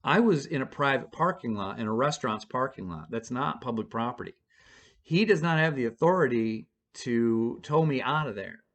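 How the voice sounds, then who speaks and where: A man's voice: medium pitch, animated, normal speed, fairly bright tone. A man at home telling a personal story to his camera in a rambling, profane, casual way, full of fillers and restarts.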